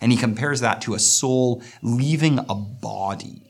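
A man teaching a poetry lesson, explaining verse and slowing down to read lines aloud thoughtfully. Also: mid-range voice, vocal fry, husky. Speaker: literature teacher.

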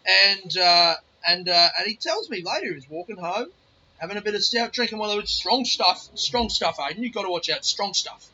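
A man playing his boastful old grandfather, rambling loudly through a joke about his homebrew stout. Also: high voice, animated, brisk, a little hiss or hum, pitched above the performer's own voice, full character voice. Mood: boasting. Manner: loud, rambling joke-telling. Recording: dull lo-fi recording.

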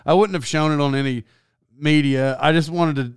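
A man's voice: on the high side, steady tone, normal speed, clean tone, dry recording, studio quality. Rambling man telling a story. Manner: rambling, self-deprecating, laughs often. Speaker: sports announcer. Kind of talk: casual storytelling monologue.

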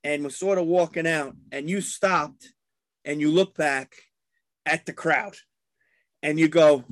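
A man's voice: fairly high pitch, steady tone, unhurried, long pauses, no room sound. A man in a casual chat, rambling through old stories and acting out what people said. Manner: rambling storyteller acting out quotes.

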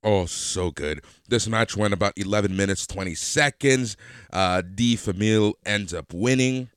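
A man co-hosts a podcast, recapping a wrestling show in a casual, expressive chat full of swearing and laughter. His voice is lowish with a clean tone and measured pace, captured as a dry, clean studio recording.

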